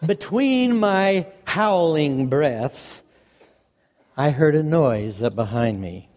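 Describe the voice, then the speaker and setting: A man tells a folksy tale to a live audience, lively and animated, chuckling through the funny parts. His voice is fairly high for a man. It rings out with a long reverb, as in a large hall. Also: slow, slight background noise. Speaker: storyteller.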